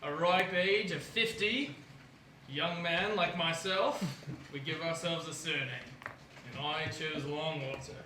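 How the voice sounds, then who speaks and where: Man playing a young mountain dwarf, Australian accent, joking, slow, roomy. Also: a little high, natural voice. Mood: friendly. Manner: joking, chuckling. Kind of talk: tabletop role-play in character. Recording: roomy, with background noise.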